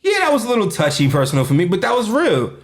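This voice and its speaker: Animated young man from New York. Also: high-pitched, quick pace. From Jamaica, Queens, New York. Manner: animated, laughing, swearing freely. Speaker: podcast co-host. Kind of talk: casual chat.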